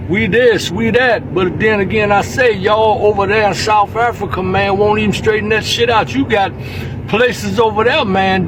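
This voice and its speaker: A man with a high-pitched voice ranting heatedly from inside a vehicle. He is confrontational and keeps tagging his lines with "man" and "you understand". Road noise runs loud under the recording. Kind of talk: ranting vlog to camera.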